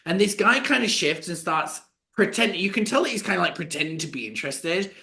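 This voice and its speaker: A man co-hosting a podcast, telling a story in a chatty, animated way with lots of fillers. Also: sits high, a little fast, creaky. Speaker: podcast co-host. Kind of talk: casual storytelling chat.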